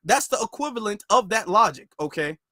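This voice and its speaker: A man's voice: high voice, expressive, fairly quick, bright, forceful tone, no room sound, studio quality. A man hosting a livestreamed reaction commentary show, sarcastic and repeating his rhetorical questions.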